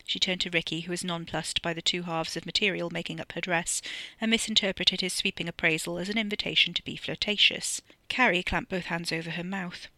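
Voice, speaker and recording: An author narrating their own novella with crisp, wry storytelling. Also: mid-range voice, fairly even intonation, a little fast, sharp tone, no room sound. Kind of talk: audiobook narration.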